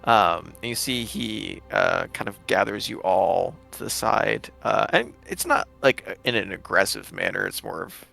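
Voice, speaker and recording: A man narrating as game master of a tabletop game, halting with many fillers and self-corrections. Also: on the low side, expressive, creaky, bright, forceful tone, faint music behind.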